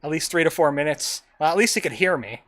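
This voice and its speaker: A man's voice: fairly high pitch, lively intonation, fast talker, a bit bright. A man streamer giving casual, rambling commentary while playing a game, chatting to himself and his viewers. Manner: rambling, chatty, self-talking.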